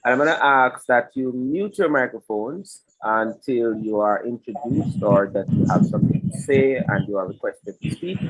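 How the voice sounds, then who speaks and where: A man's voice: mid-range voice, normal speed, few pauses, low-quality recording. Man hosting a glitchy live webinar. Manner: chatty, improvising through technical trouble. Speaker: webinar host. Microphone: computer mic on a video call. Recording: broken-up online call audio.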